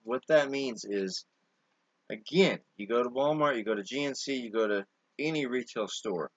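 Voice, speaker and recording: A man's voice: medium pitch, normal speed, no echo, highs cut off. A man co-hosting a product talk, earnestly explaining points and repeating the key ones.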